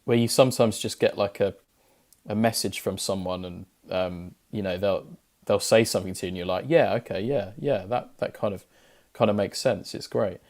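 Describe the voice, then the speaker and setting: A man hosting an interview, relaxed and encouraging, with short affirmations. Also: lowish voice, normal speed. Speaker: host. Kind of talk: casual interview chat.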